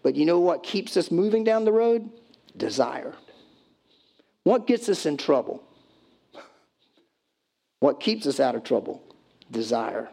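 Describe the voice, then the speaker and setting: A man preaching to his church in a relaxed, conversational sermon. His voice sits a little high, and he slips into pleading voices when acting out a scene. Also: vocal fry. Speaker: pastor.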